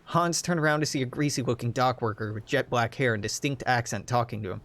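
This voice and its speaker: A man's voice: medium pitch, brisk. Wry young man reading game text aloud. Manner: wry, joking asides between read-out passages. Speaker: game streamer.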